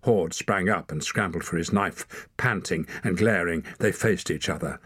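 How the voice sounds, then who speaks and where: A man's voice: low voice, normal speed, fairly bright tone, slightly rough, dry recording, studio quality. A man narrating a story as an audiobook reader, reading expressively. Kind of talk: scripted narration.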